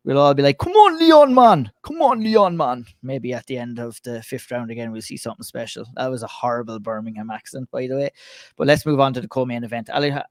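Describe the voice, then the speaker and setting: A man's voice: mid-range voice, no echo, studio quality. Easygoing man hosting a podcast. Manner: easygoing, steers the conversation. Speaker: podcast host. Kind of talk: casual sports podcast chat.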